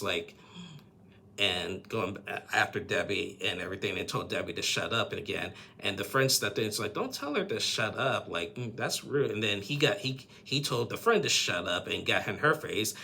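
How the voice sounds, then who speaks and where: Gravelly-voiced man rambling through a recap. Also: sits low, moderate pace, bright, forceful tone, a little hiss or hum. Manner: rambling, filler-heavy, laughs often. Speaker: show recapper. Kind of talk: casual episode recap.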